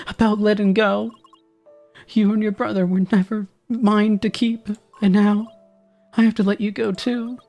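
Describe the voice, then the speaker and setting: A man voicing a kindly old grandmother with a tender, gentle manner while playing through a game. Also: sits high, voice pushed up. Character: kindly old grandmother who raises the hero.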